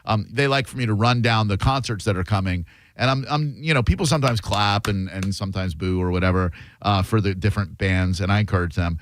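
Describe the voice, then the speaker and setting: A male radio host telling a story on air, animated and doing voices for the people in it. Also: on the low side, fairly quick, a little hiss or hum. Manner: animated, does voices in his stories. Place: radio studio.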